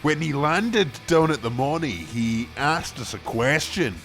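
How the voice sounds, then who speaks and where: A man voicing a young metalhead who excitedly rambles through his recollections. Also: fairly high pitch, measured pace, soft background music. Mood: reminiscing. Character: young male Perth metalhead local.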